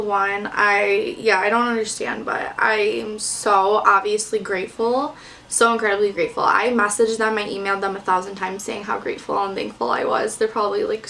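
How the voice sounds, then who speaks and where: A woman's voice: mid-range voice, creaky, a bit bright, distant mic, slight background noise. A young woman from the Detroit area, chatting casually about makeup in a bubbly way, full of "like" fillers. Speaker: beauty vlogger. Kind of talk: casual makeup chat to camera. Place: at home, in front of a mirror.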